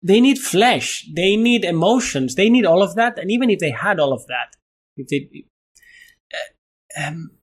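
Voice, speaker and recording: A middle-aged man with a Spanish accent, speaking as a guest in a thoughtful interview, animated, often restarting his sentences and laughing at himself. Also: high-pitched, a little slow, husky. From Spain. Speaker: guest, neuroscientist.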